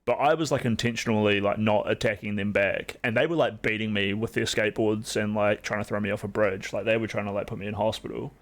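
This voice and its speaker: Gravelly-voiced young male streamer. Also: on the low side, fairly even intonation, fast talker, few pauses. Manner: rambling, heavy use of filler words. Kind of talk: casual chat on a livestream.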